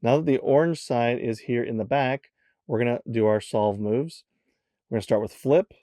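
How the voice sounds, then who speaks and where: A man's voice: medium pitch, normal speed, mellow, no room sound, clean studio sound. A man hosting a step-by-step puzzle tutorial in a casual way, counting the moves aloud as he demonstrates them. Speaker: tutorial host.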